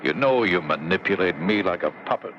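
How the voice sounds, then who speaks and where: A middle-aged American general, a wry husband who banters with his wife in a fairly low, lively voice that rises and falls. The 1970s radio drama sounds muffled, with a clear hiss behind it. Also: fairly quick. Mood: bantering.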